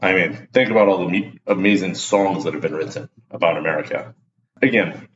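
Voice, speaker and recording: A man with a very low voice talks in an excited, rambling, self-deprecating way as he hosts his own podcast. The recording sounds dull and echoey. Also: normal speed, slight background noise. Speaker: podcast host. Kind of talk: casual solo podcast talk.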